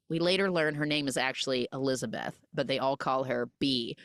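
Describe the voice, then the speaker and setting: A woman's voice: extremely low pitch, fairly quick, few pauses, no echo, studio quality. A woman hosting a podcast, retelling a film's plot in a chatty, casual way full of "like". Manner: chatty, lots of "like", animated retelling. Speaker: podcast host. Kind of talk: casual film recap chat.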